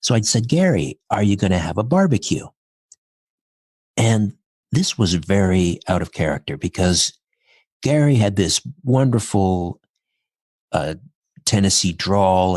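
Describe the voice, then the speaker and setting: A middle-aged podcast guest with a very low, husky voice recounts a personal story in conversation, earnest and reflective as he walks through events step by step. The recording is dry and close, with no echo.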